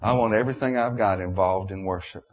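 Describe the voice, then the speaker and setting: A man's voice: fairly low pitch, fast. A middle-aged man preaching a sermon, emotional and repetitive, with restarts.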